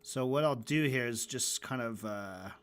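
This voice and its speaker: A man's voice: medium pitch, measured pace. A man streaming while he animates, chatting casually, joking and swearing as he rambles through his work. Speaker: animator and livestream host. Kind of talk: casual livestream chat while working.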